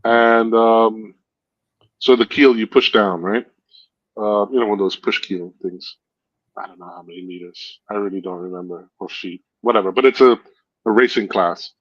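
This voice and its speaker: A man's voice: lowish voice, steady tone, moderate pace, no echo. A man chatting casually on a stream, telling long rambling stories, correcting himself and laughing at his own jokes. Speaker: stream host. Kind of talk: casual storytelling chat. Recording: dull lo-fi sound.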